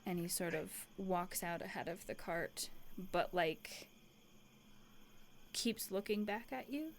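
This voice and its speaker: A woman's voice: fairly low pitch, lively intonation, slow, a little hiss or hum. A woman narrating a tabletop game as game master, casual, with many fillers and restarts.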